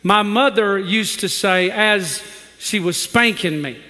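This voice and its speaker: A man's voice: sits high, slow pace, bright, forceful tone, long reverb tail. A male pastor preaching a sermon in a church, leading the congregation to repeat scripture and telling humorous stories with rising emphasis. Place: church sanctuary.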